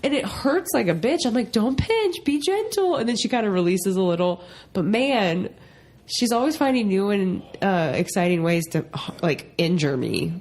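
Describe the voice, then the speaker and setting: A woman's voice: mid-range voice, animated, moderate pace, darkish tone. A young woman co-hosting a casual podcast, laughing often as she tells stories. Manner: giggly, laughs often while telling stories. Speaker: podcast co-host. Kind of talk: casual chat.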